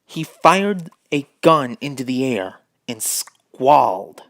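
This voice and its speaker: Slow, dry-voiced man reading a storybook aloud. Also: medium pitch, big pitch swings, gravelly, a bit bright, no room sound. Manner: breaks off reading to mock the text; puts on a drawl for the narrating dog. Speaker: reader of a children's book. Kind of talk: reading aloud with joking asides.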